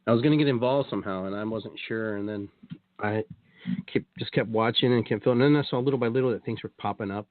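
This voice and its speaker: A man's voice: fairly low pitch, quick pace, no room sound. A man telling his story as a guest on a talk show, rambling with many restarts and quoted asides. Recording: tinny phone-like line, dry.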